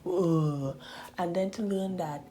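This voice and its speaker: A woman of thirty talking candidly in a casual voice-over, often laughing and dropping into soft, whispery asides. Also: on the low side, measured pace. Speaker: art channel host.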